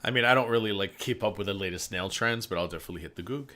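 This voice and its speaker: A man's voice: fairly low pitch, rapid-fire, pushed and bright. A man guesting on a casual stream, rambling chattily through profane anecdotes. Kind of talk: casual storytelling chat.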